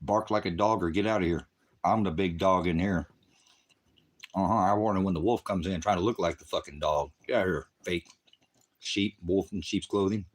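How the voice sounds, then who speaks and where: A man's voice: deep voice, normal speed. Profane, combative man ranting at chat. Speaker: livestreamer. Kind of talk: angry livestream rant at chat. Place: rural farm, partly outdoors.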